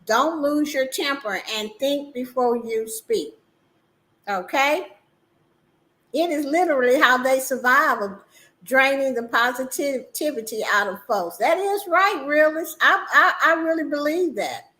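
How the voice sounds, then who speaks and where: Woman, livestream talk host, high-pitched, bright tone, animated, emphatic. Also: unhurried, poor audio. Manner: animated, emphatic, laughs often. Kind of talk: casual livestream talk show.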